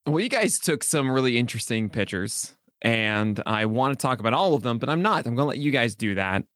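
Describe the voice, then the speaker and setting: Eager man pitching a product, dry. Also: animated, fairly bright tone, dry recording. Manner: eager, rapid-fire explainer. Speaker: podcast guest, pitching analyst. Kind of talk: podcast guest chat.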